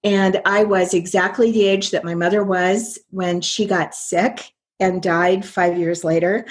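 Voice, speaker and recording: An older American woman, a guest on an interview show, telling her personal story in an earnest, reflective way. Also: mid-range voice. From American Midwest. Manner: earnest, reflective, speeds up when recalling inner dialogue.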